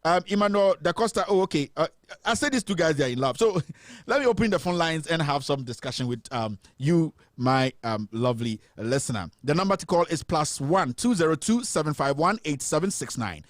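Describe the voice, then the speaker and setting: Lively Ghanaian man hosting a call-in show. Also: a little high, fairly quick, no echo, clean studio sound. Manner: animated, sarcastic, talks to viewers and reads their comments aloud. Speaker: host. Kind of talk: live call-in commentary show.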